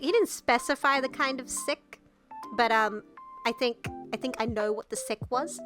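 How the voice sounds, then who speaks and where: A woman's voice: high voice, lively intonation, a little slow, fairly bright tone, soft background music. A young Australian woman streamer telling a story in casual chat while sick with the flu, coughing now and then, laughing often and swearing freely. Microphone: headset mic.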